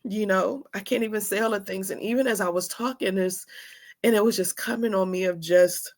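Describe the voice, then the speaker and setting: A woman's voice: medium pitch, fairly even intonation, brisk, no room sound. A woman in her forties hosting a chat, emotional and grateful, close to tears as she talks. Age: 40s. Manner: emotional, laughing and near tears. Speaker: host. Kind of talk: casual chat.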